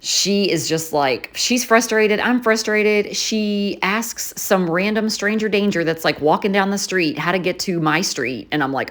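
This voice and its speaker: A woman's voice: mid-range voice, lively intonation, a little slow, hardly any pauses. A woman vlogger telling a rambling story in a casual chat, full of fillers and asides. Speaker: journaling vlogger.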